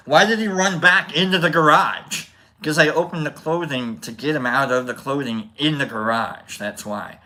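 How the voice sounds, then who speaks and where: A man hosting a livestream, telling a story casually to his chat in an animated, rambling way with restarts. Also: medium pitch, normal speed. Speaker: livestream host.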